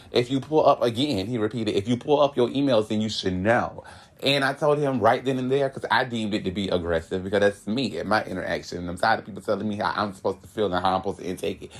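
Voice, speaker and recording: Casting: young podcaster, low-voiced man, candid solo rant. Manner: candid, animated, laughs often. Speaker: podcast host. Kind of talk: casual solo monologue.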